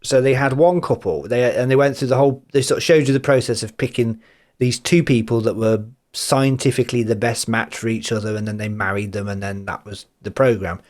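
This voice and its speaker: A man's voice: mid-range voice, fairly even intonation, fairly quick, darkish tone. A man co-hosting a podcast in a casual chat, teasing his friend and mimicking other people's voices for laughs. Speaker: podcast co-host.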